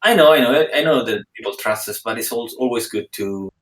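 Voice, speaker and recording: A man playing a tabletop game on a call, speaking earnestly in a halting way and repeating words. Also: medium pitch, a bit bright. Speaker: player. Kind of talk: casual tabletop game talk. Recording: echoey room audio from far off.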